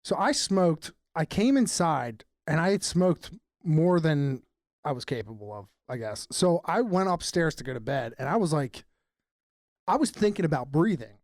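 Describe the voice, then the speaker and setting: A man's voice: a little high, expressive, normal speed, a little mellow, dry recording, studio quality. A young man co-hosting a podcast in casual chat, telling stories animatedly, laughing often and saying "dude" a lot. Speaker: podcast co-host.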